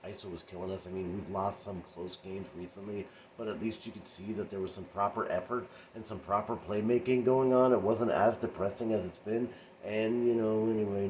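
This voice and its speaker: A man's voice: lowish voice, slight background noise, low-quality recording. Rambling male basketball fan vlogger. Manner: rambling, animated, talks to viewers. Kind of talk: casual basketball recap.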